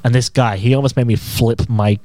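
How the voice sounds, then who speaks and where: A man's voice: medium pitch, fairly even intonation, fairly quick, dark tone. A young man in casual chat, telling a long work story and acting out both sides of the conversation, with lots of restarts and "like". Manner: rambling, with restarts and "like".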